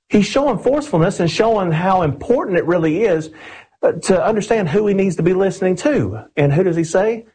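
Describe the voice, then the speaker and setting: Husky-voiced man preaching a sermon. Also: on the high side, very animated, moderate pace, mellow, low-quality recording. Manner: earnest, emphatic, addresses listeners as friends.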